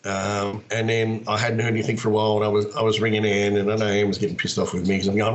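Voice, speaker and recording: A middle-aged Australian man, a wrestler and actor, telling stories in a casual, animated way. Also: lowish voice, quick pace. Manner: animated, acts out quoted voices. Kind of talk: casual storytelling.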